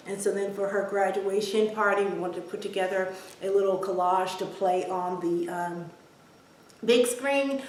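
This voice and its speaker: A woman in her forties telling a family story to her vlog audience in a chatty way, with filler words. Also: medium pitch. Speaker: vlogger. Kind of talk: casual storytelling to camera. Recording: very echoey room, distant mic.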